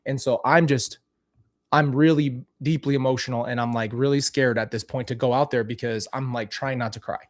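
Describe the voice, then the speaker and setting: A man's voice: mid-range voice, steady tone, a little fast. A man talking casually and candidly to camera as a vlogger, commenting on old clips of himself with frequent restarts.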